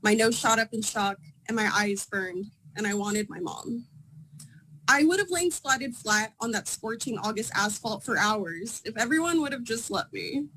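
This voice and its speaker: Higher-voiced woman reading her prose. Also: moderate pace, bright, forceful tone, slight background noise, rough recording. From Southern California.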